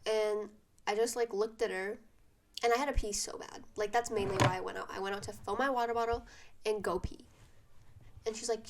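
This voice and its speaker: A teenage girl telling a school drama story in a casual vlog, animated and venting with lots of fillers. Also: fairly high pitch, moderate pace, pauses often. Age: teens. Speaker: vlogger.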